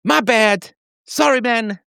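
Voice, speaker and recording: A man's voice: very high-pitched, takes it slowly, gravelly, bright, forceful tone, smooth, no room sound, studio quality, voice pushed up, exaggerated voice. A man voicing a grown woman who sheepishly admits she was wrong, in a mocking sing-song way.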